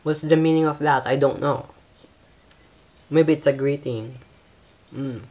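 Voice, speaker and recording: A woman with a Filipino accent hosts a casual pageant reaction, talking in a low, deep-set voice. She takes her time and fills the gaps with quiet hums. Her manner is soft and often apologetic. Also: fairly even intonation, a little slow. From Philippines.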